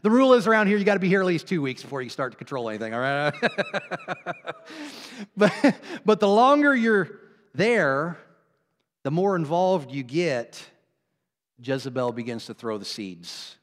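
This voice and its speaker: Male pastor, sermon delivery, loud peaks and quiet asides, reverberant church hall. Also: big pitch swings, moderate pace. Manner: swings from loud exclamations to low, quiet asides; laughs between points, conversational. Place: church sanctuary.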